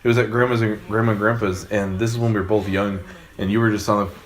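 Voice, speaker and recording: Young male let's player, rambling anecdotal storyteller, slightly low voice. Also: flat delivery, quick pace. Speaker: let's play co-host. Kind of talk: casual gaming chat.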